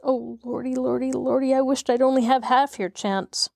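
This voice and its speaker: A woman voicing a ragged, superstitious village boy who speaks in an anxious, rough country drawl. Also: high-pitched, little pitch movement, moderate pace, darkish tone, no echo, studio quality, pitched above the performer's own voice. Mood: despairing.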